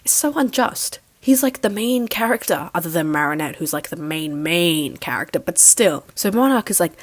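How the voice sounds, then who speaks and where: A woman's voice: on the low side, animated, normal speed, hardly any pauses. A young woman giving a casual, sarcastic recap review of a cartoon finale, mocking the plot as she goes. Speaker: show reviewer.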